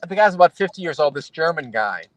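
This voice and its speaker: A middle-aged man with a high voice talks as a guest in a casual chat, dry and close on the mic. He laughs easily and often restarts his sentences as he tells stories. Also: big pitch swings, a bit bright, no echo, low-quality recording. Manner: laughs often, halting restarts while telling anecdotes.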